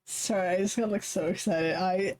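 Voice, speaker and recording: A woman's voice: medium pitch, steady tone, moderate pace, darkish tone. A woman streamer chatting casually, rambling and playful, poking fun at herself. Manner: rambling, playful, self-mocking.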